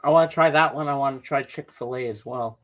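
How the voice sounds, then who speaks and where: A man's voice: medium pitch, fast, low-quality recording. A man co-hosting a casual chat, eager and chatty.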